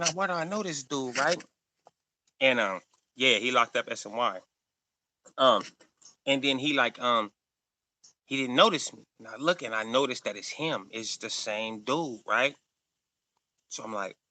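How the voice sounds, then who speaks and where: A man with a low, gravelly voice that still cuts through with a bright edge. He hosts a live stream and talks straight to his chat in loose street slang. He keeps checking in with a quick "right?" as he tells his story. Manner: conversational, keeps tagging lines with "right?"; street slang, calls listeners "bruh" and "dog". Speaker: live-stream host telling a personal story.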